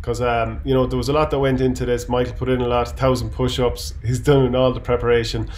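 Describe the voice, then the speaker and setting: An Irish man hosting a casual interview, friendly and brisk as he asks questions and wraps up. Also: medium pitch, level tone, darkish tone, a little hiss or hum. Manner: friendly, brisk host wrap-up. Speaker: host.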